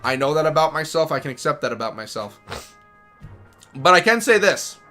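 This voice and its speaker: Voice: mid-range voice, big pitch swings, fairly quick, pushed and bright, faint music behind. A gaming streamer giving casual, rambling commentary as they play, joking and self-deprecating.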